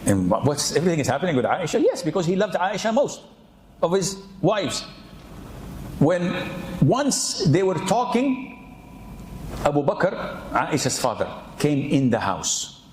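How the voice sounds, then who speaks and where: A man preaching a humorous sermon-style reminder, acting out quoted voices with sudden high jumps in pitch. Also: big pitch swings, a little slow, pauses often, reverberant, slight background noise, rough recording. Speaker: Islamic preacher.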